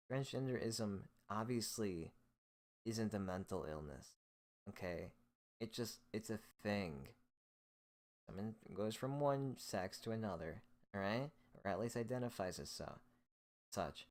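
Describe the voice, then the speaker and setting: Deep-voiced man in a profane, hostile rant. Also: animated, a little slow, darkish tone. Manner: hostile, profane, scornful ranting. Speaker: host. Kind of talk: solo rant monologue.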